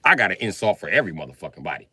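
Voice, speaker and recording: A man talking casually on a live stream in a profane, animated way, breaking into laughs between remarks. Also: low voice, racing, slightly rough.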